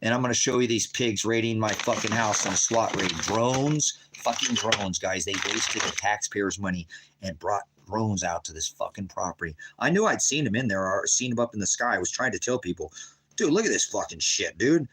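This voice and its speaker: A man's voice: lowish voice, normal speed, very noisy. A man on a livestream at home, ranting in a profane, taunting way at people in his chat. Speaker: livestream host. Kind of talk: angry livestream rant. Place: at home by a wood stove.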